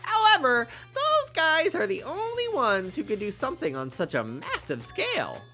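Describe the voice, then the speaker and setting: A stuffed-up man doing a high, mocking robot bear with a sly, theatrical sneer that leaps up and down in pitch. He teases and taunts with a congested nasal edge, and faint music hums underneath. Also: huge pitch swings, moderate pace, pushed and bright, exaggerated voice. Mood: sly taunting. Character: mischievous scheming robot bear mascot, male.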